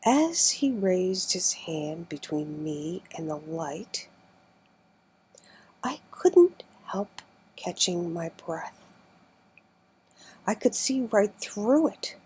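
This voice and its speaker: Woman reading an audiobook, real slow, breathy husky voice, kinda low, goes almost whispery. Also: lively intonation, dark tone, poor audio. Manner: slow, careful reading, often drops to near whisper. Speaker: narrator.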